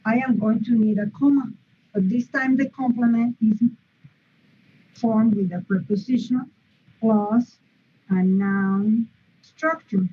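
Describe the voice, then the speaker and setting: A woman leads an online English grammar lesson, walking through each point patiently and checking in with "okay" and "mm-hmm". Her voice sits a little high but sounds husky and mellow, and she speaks slowly. The stream audio is muffled and lo-fi. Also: fairly even intonation. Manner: patient, explains step by step with frequent "mm-hmm" and "okay". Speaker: English teacher.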